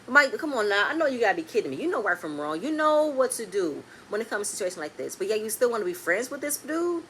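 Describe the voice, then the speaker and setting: A woman recapping a reality TV episode in a casual, blunt, animated way, with speech. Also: mid-range voice, fast talker, a little hiss or hum. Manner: animated, blunt and swearing, swings between loud and quiet.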